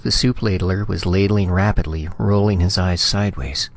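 A man narrating a science fiction story in a steady, measured reading. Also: sits low. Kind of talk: scripted audiobook narration.

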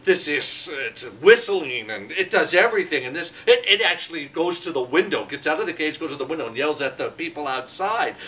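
A man's voice: a little high, sharp tone, a little hiss or hum. A middle-aged man telling a joke in a casual, rambling way, full of "you know" fillers. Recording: voice from far off the mic.

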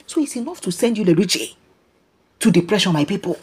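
Nigerian female gossip vlogger, husky mellow voice, lively street-talk delivery. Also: mid-range voice, brisk. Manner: animated, keeps calling out "my people", mixes Pidgin and English. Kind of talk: casual celebrity gossip commentary.

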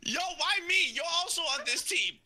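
A man's voice: extremely high pitch, lively intonation, normal speed, crowd noise. A man chatting through a live game with friends, complaining in a whiny, melodramatic way. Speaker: gaming channel regular. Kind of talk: live gameplay chat with friends.

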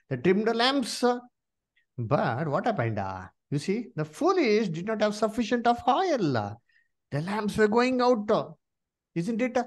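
A man leads a Bible study. His pitch rises and falls in a lively way, and he keeps asking questions and leaning on "you see" and "uh" between phrases. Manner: many "uh" and "you see" fillers, rising questions to listeners.

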